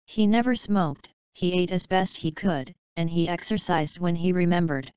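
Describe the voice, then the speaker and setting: Woman audiobook narrator, very clear and low-ish, dull lo-fi, dry sound. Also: normal speed, few pauses, a little mellow, dry recording. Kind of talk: scripted narration.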